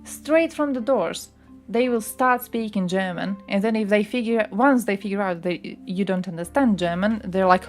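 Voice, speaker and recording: A woman's voice: mid-range voice, normal speed, soft background music. A young woman chatting casually on a livestream, ranting bluntly and swearing often.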